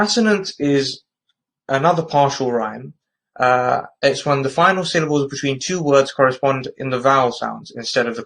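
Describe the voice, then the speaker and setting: A man's voice: medium pitch, gravelly, a bit bright, poor audio. A man with a London accent explaining a topic in a patient, methodical lesson. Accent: London English. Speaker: English tutor.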